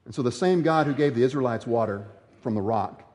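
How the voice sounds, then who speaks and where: A man's voice: medium pitch, a little fast, darkish tone. A male pastor preaching an earnest sermon that is full of rhetorical questions. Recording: echoey hall.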